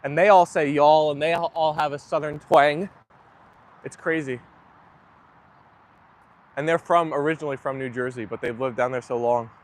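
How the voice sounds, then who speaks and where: Man, slightly high pitch, chatting to viewers from his phone while outdoors in the rain; rambling and self-deprecating. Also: steady tone, normal speed, long pauses. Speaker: dog owner livestreaming to viewers. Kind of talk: casual live chat. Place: outdoors on a rainy, muddy walk.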